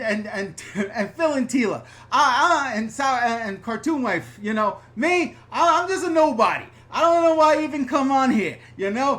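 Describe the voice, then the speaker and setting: A man's voice: very high voice, sharp tone. A man from the New York and New Jersey area, hosting a rambling, casual live-stream Q&A from an upstairs room at home, reading viewer comments aloud and swearing lightly. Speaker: YouTube channel host.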